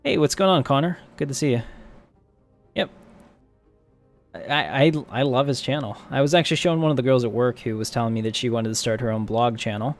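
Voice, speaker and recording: A man streaming a strategy game live, talking casually in an average-pitched voice. He jokes and laughs often and thinks aloud as he plays. Faint game music plays underneath. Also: brisk.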